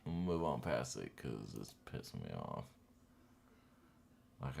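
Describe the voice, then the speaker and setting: Very deep, gravelly man muttering in frustration. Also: sing-song, measured pace, pauses often, darkish tone, a little hiss or hum. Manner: frustrated muttering and cursing at his code. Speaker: self-taught coding student. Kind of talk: unscripted screen-recorded vlog. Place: at home at his computer desk.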